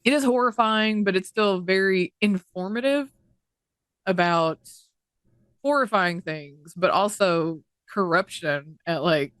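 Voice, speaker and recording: A woman's voice: mid-range voice, slow, fairly bright tone, clean tone, dry recording, studio quality. A woman co-hosting a podcast in casual chat, talking indignantly at length and swearing freely. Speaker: podcast co-host.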